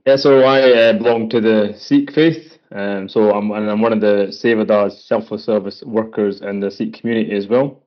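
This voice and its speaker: A man in his forties, a guest on a casual podcast, giving relaxed, brief answers. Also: lowish voice, moderate pace. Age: 40s. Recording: dull lo-fi sound.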